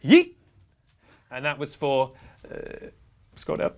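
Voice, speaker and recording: A man's voice: a little high, normal speed. A young man hosting a comedic charity live stream, playful and prone to laughing. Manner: playful, giggly, animated banter.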